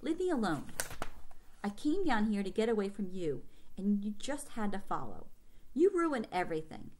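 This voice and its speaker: A woman voicing an angry, hurt young boy in a read-aloud storybook, sulky with shouting outbursts. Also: on the low side, big pitch swings, brisk, a little hiss or hum.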